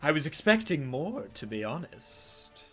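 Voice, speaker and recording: A man playing a slow, mocking spectral villain lord. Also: a little high, sing-song, slightly rough, soft background music, heavily acted. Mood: mocking, menacing. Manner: slow, drawn-out, mocking and condescending. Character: menacing spectral male villain lord, cold.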